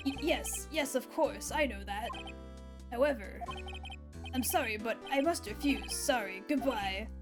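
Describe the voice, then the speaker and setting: A woman voicing a pompous older male lawyer who speaks in a slow, drawn-out, old-fashioned way. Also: on the high side, music in the background, lightly acted. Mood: apologetic.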